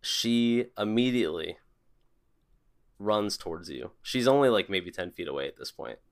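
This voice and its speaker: A man narrating a tabletop game as game master, relaxed and descriptive with some fillers. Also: on the low side, normal speed.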